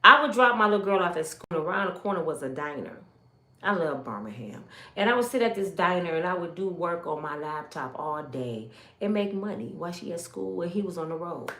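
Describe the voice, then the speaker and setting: A woman's voice: lowish voice, expressive, fairly quick, sharp tone, reverberant. A woman from Michigan giving an emotional personal testimony, telling her story with animation and speaking straight to her viewers.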